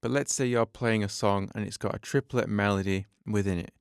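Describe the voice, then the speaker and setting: A man's voice: fairly low pitch, fairly even intonation, brisk, gravelly, clear, resonant tone, no echo, studio quality. A man teaching a drum lesson on his podcast, explaining patiently step by step and counting beats aloud.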